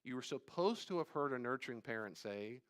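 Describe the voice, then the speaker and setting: Male pastor leading a live Bible study, mid-range voice, repeats key lines with force, then drops low and confiding. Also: animated, fairly quick. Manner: emphatic and repetitive, swinging from loud stresses to quiet asides; conversational, addresses listeners directly.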